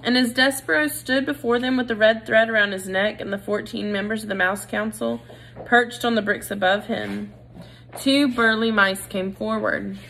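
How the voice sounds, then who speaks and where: Bright-voiced woman reading a storybook. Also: medium pitch, normal speed, creaky, a little hiss or hum, low-quality recording. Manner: expressive, animated. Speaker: storybook reader. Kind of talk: reading a children's novel aloud.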